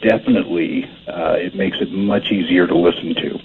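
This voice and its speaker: A man calling in as a paranormal investigator, explaining things in a measured way during a casual on-air conversation. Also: deep voice, steady tone. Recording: tinny phone line with faint hiss.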